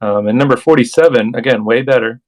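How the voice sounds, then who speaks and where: A man's voice: mid-range voice, quick pace, poor audio. A man hosting a casual bible study discussion. He reads verses aloud and then comments on them conversationally. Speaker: host and scripture reader.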